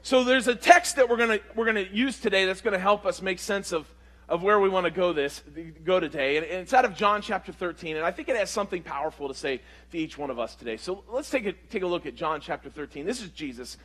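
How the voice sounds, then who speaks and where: Male pastor with a high-pitched voice, preaching through a story with lively swings from loud to quiet. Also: quick pace. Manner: animated, swings between loud and hushed. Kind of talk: storytelling sermon.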